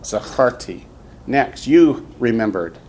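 A man's voice: medium pitch, animated, takes it slowly, a little mellow, a little hiss or hum. A man teaching a classroom lesson, patiently drilling students and repeating each word for them to copy. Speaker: Hebrew teacher. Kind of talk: classroom instruction.

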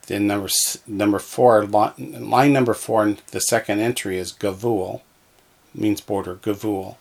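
A man leads a language lesson, saying each word slowly and deliberately, with a gravelly edge to his voice. His pitch sits a little low, and he patiently repeats every word for his listeners to echo back. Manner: patient, reads each word twice for echoing. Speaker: Hebrew teacher.

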